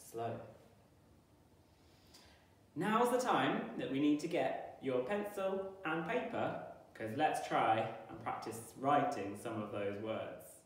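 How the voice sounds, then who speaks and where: A man's voice: mid-range voice, recorded from a distance. A man teaching a phonics lesson to young children, chanting sounds and rhymes in a sing-song way. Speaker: primary school teacher. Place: classroom. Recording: echoey room, voice from off the mic.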